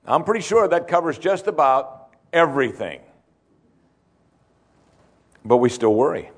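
A man's voice: on the high side, very animated, unhurried. A man preaching an expository sermon as a pastor, repeating key points and asking rhetorical questions.

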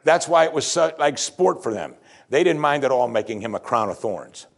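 A male pastor delivering a sermon in a lively, expressive voice whose pitch rises and falls widely. He acts out the people he quotes and drops to a hush for dramatic moments. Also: moderate pace, creaky. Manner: animated preaching, voicing quoted speakers, swings from loud to hushed.

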